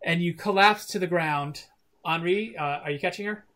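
A man's voice: sits high, moderate pace, pushed and bright. A man narrating a tabletop game as game master, rambling with many restarts.

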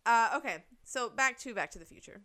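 A woman's voice: fairly high pitch, expressive, a little fast, sharp tone. A woman co-hosting a casual chat, explaining her view at length with plenty of fillers and the odd swear word. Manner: chatty, talks it through with fillers and swearing. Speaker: podcast co-host.

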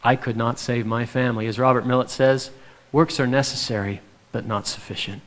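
A man giving a devotional talk to an audience, telling a personal story in an animated way and acting out the quotes. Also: mid-range voice, brisk. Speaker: speaker.

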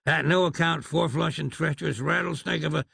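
A man's voice: on the high side, fairly even intonation, normal speed, creaky, bright, forceful tone, breathy edge, dry recording, studio quality, full character voice. A man doing a blustering lawman. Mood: indignant. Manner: rambling folksy bluster. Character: blustering Wild West lawman, folksy and long-winded.

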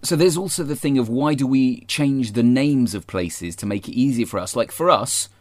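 A man with an average-pitched voice in easy podcast banter. He is recorded close and dry with no room sound, and he talks in a teasing, matter-of-fact way. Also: normal speed, a little mellow, no echo. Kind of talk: casual chat.

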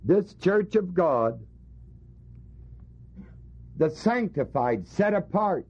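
A man's voice: high-pitched, very animated, very slow, a little mellow, slightly rough. A male preacher teaching a Bible passage to his congregation, emphatic and fond of rhetorical questions. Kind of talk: sermon. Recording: dull lo-fi recording.

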